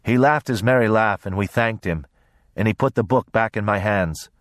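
Man, audiobook narration, lowish voice, dry close sound, measured and gentle. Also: dry recording. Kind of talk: scripted narration.

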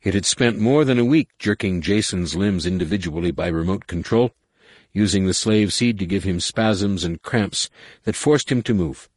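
A man narrating an audiobook in a steady, even storytelling manner. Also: low voice, normal speed, no room sound.

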